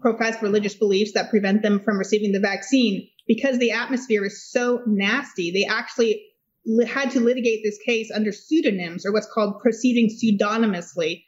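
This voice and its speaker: A woman's voice: medium pitch, dull audio. A woman attorney talking as a guest in a legal discussion, speaking emphatically and articulately, with dry sardonic asides.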